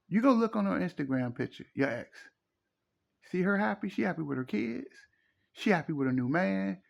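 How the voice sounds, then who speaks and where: Speaking in a casual monologue, this middle-aged man lectures emphatically on relationships and keeps repeating himself. He has a gravelly, mid-range voice, and the audio sounds dull.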